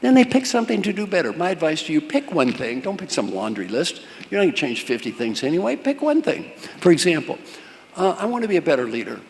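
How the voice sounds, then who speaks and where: A man's voice: fairly high pitch, huge pitch swings, brisk, a little mellow. An older man giving a leadership coaching talk to a live audience, with punchy, repeated instructions and questions thrown at the crowd. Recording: long hall reverb, faint room noise.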